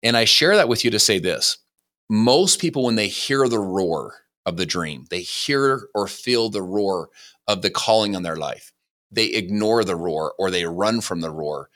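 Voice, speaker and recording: A man's voice: on the low side, expressive, measured pace, a bit bright. Man giving a motivational pep talk. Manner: preachy, repeats phrases for emphasis. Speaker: guest author. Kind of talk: motivational podcast interview.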